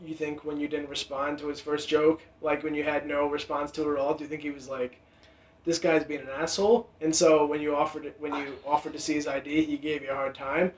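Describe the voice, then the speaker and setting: A man's voice: fairly high pitch, flat delivery, a little fast. A man co-hosting a podcast in casual chat, mostly giving short agreeing replies. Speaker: podcast co-host. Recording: roomy echo.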